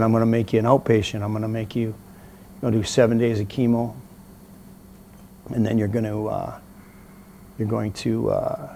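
Gravelly blunt man telling a story. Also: fairly low pitch, slight background noise. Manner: blunt, profane, animated anecdote teller. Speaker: interview guest. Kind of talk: casual storytelling.

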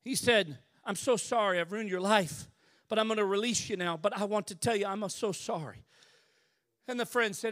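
A male preacher with a strikingly high voice, recorded close and dry with no room sound. He preaches by turns in a hushed storytelling tone and in shouted, stretched-out lines. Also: dry recording. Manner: builds to shouted, drawn-out climaxes. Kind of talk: sermon.

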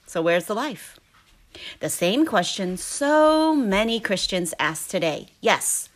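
Woman, slow conversational reader of a devotional book, with an animated, lilting delivery. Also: mid-range voice. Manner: conversational reading with pauses. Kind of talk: reading a devotional book aloud.

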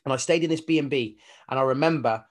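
A fitness coach appears as a guest in a casual interview, telling his story with a mid-range voice at a quick pace. He's animated and swears casually while acting out his own inner voices.

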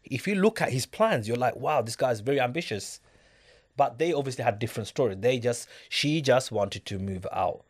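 A man's voice: medium pitch, lively intonation, a little fast, hardly any pauses. A man in a casual discussion, speaking emphatically and often asking his listener if he gets it. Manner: emphatic, keeps asking "do you get it?".

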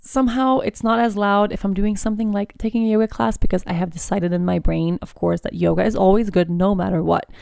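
A woman's voice: mid-range voice, vocal fry, darkish tone, clean tone, no room sound, clean studio sound. A woman hosting a podcast, talking candidly in a casual, chatty way with lots of filler words. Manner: chatty and candid, with frequent "like" and "you know". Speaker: podcast host. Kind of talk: casual personal chat.

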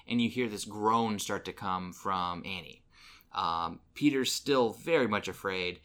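A man's voice: on the low side, unhurried, fairly bright tone. A man co-hosting a casual podcast, retelling movie scenes with lots of ums and restarts. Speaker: podcast co-host. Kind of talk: casual film review chat.

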